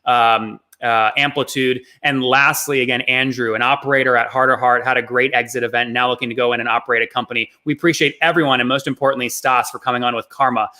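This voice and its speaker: A man hosting a live online business show, wrapping up with brisk promotional remarks to viewers. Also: medium pitch, fairly even intonation, sharp tone. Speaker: show host.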